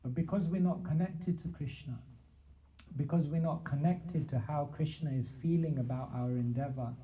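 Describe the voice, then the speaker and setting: A man, a spiritual teacher, answering questions in a measured talk with repeated emphatic phrasing. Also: on the high side. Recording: dull lo-fi sound.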